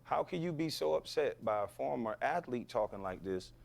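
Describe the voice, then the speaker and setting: A former athlete as a podcast guest, talking bluntly and emphatically and firing back rhetorical questions. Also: male voice, medium pitch, lively intonation, moderate pace, vocal fry. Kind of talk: heated podcast interview.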